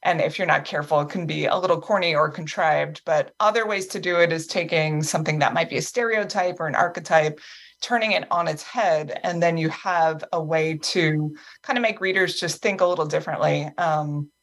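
A woman's voice: sits low, fairly quick. A woman writer explaining her craft in a friendly way, with some fillers. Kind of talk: discussion guest.

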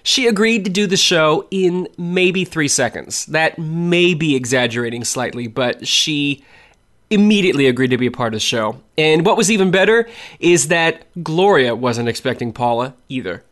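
A man hosting a show, narrating in a measured, explanatory way. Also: fairly high pitch, expressive, fairly bright tone. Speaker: host. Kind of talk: scripted narration.

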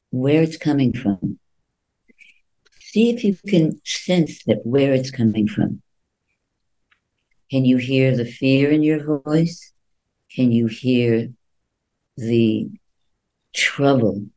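A man speaking as a guest voice coach in an interview, expressive and acting out little quoted voices. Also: medium pitch, rough recording. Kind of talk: interview answers.

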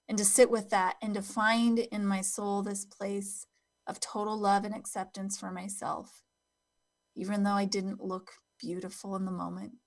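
A middle-aged woman sharing a personal story with her audience as a self-development coach. Her voice sits at an ordinary pitch for a woman. She speaks earnestly and from the heart, easing into slow, hushed phrasing at the tender moments. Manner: earnest and heartfelt, slowing down and going soft and quiet at tender moments.

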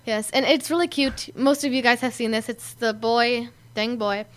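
A woman's voice: fairly high pitch, fairly even intonation, normal speed, a bit bright. A young girl co-hosting a kids' radio show, chatting casually, giggling and mimicking voices as she retells funny videos. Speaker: co-host.

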